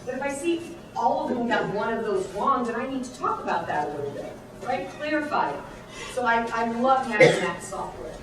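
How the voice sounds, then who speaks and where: A woman's voice: fairly high pitch, expressive. Chatty woman teacher, echoey room. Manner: chatty, quick asides. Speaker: teacher presenting to parents. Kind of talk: classroom presentation. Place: presentation room. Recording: echoey room, far from the mic.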